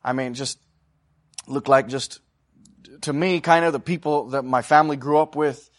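A man preaching a sermon. He swings between loud, fervent exhortation and quiet, chatty storytelling, and he calls out to the congregation for responses. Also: medium pitch, steady tone, normal speed.

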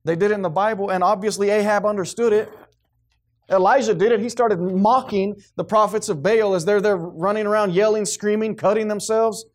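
Guy preaching a sermon, pretty high voice, acts out the quotes, lively. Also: a little fast. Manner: animated, acts out quoted voices, responsive amens from congregation.

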